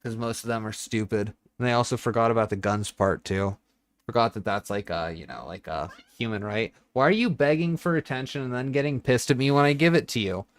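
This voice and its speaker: A young man streams from home into a desk microphone, his voice sitting at an everyday middle pitch. He rambles bluntly, swears often and talks straight to his chat. He chats casually while he builds. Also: fairly quick, no echo. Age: young adult.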